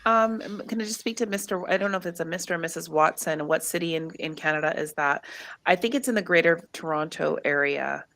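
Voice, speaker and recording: Chatty woman host for a casual livestream, a bit low-pitched, dry and close. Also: fairly bright tone, dry recording. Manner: chatty, reads numbers out slowly. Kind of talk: casual chat.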